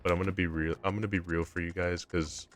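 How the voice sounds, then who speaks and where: Deep-voiced young man rambling on stream. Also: level tone, fast, slight background noise. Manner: rambling, full of fillers and restarts. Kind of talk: casual live-stream chat while gaming. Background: faint game music.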